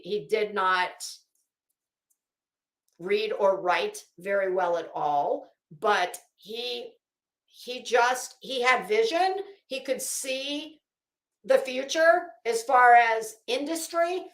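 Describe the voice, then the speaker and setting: A woman's voice: a little high, reverberant. A woman hosting a casual live chat, rambling and effusive, often cutting herself off mid-sentence. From Florida. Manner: rambling, self-interrupting, effusive. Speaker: commentary channel host.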